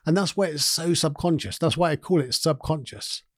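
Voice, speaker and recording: A man's voice: a little high, normal speed, no echo, studio quality. A man hosting a podcast, explaining ideas in a loose, conversational way with restarts and asides. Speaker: podcast host. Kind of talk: casual explanatory monologue.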